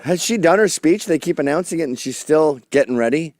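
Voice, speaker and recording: A man's voice: fairly high pitch, lively intonation, brisk, background noise. A man hosting a talk show, brash and profane in crude comedic chat. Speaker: podcast host.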